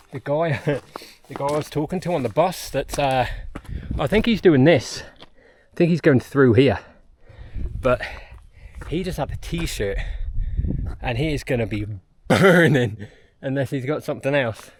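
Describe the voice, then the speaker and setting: A man's voice: mid-range voice, measured pace, slight background noise. Chatty man hiking outdoors. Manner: chatty, rambling, talks to animals and camera. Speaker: vlogger. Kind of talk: casual hiking vlog. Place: outdoors on a mountain trail.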